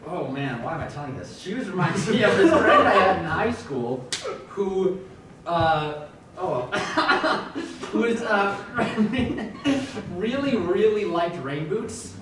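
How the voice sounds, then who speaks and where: A man's voice: sits high, very animated, takes it slowly, a crowd in the background. Hesitant young man telling a comic story. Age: young adult. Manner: hesitant, laughing at himself. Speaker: improv performer. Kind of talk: comic monologue. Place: stage in a university hall. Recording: echoey hall from far off with noise.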